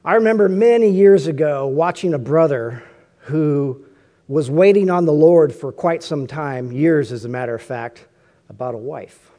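A man's voice: a little high, normal speed, dark tone. A man preaching a conversational sermon, often asking his listeners rhetorical questions.

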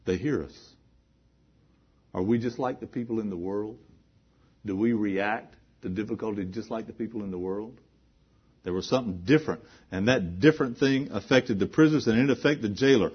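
A male preacher delivering a sermon, swinging between hushed, earnest talk and loud, emphatic preaching, and throwing rhetorical questions at the congregation. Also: lowish voice, normal speed, slightly rough, muffled recording.

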